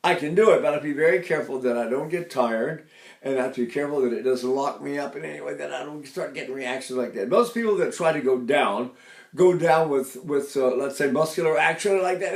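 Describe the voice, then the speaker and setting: A man's voice: on the high side, a little fast, roomy sound. An older man teaching a voice lesson, who explains technique and breaks into sung phrases and sighs. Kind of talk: singing lesson with sung demonstrations.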